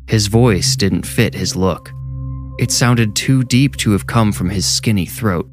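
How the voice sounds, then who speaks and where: Deep-voiced man narrating a horror story. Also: over music. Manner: measured, steady storytelling. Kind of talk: scripted narration.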